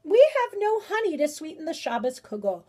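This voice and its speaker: A woman's voice: sits high, sing-song, pitched above the performer's own voice. Woman voicing a bossy storybook grandmother. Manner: firm and brisk, then warmly delighted. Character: bossy, no-nonsense Jewish grandmother.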